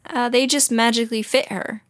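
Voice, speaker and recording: A woman's voice: a little high, fairly even intonation, a little fast. Brief: woman podcast host, chatty, walks listeners through the plot. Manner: summarizing the book, chatty. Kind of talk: casual book discussion podcast.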